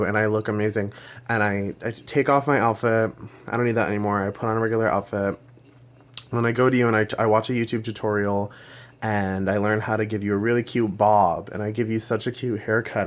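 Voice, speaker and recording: Man telling a rambling comic story. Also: fairly low pitch. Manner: rambling, second-person, halting restarts. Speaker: comedian.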